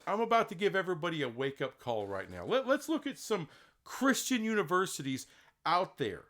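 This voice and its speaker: Emphatic man ranting, lively pitch. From Texas. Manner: emphatic, indignant, rhetorical questions. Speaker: sports commentator. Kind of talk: opinionated solo commentary.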